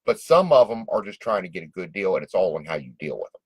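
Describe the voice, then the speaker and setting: A man talks straight to small business owners in a folksy, direct way, often acting out both sides of a customer call. His voice sits fairly low, and the recording is dry and close. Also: sing-song, quick pace, breathy edge, no room sound, poor audio. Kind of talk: casual advice monologue.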